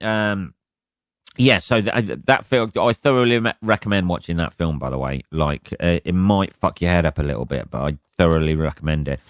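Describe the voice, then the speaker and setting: Hoarse, foul-mouthed man rambling on a podcast. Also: low-pitched, normal speed, dry recording. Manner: rambling, swears constantly, jokey asides. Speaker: podcast host. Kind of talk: casual solo podcast monologue.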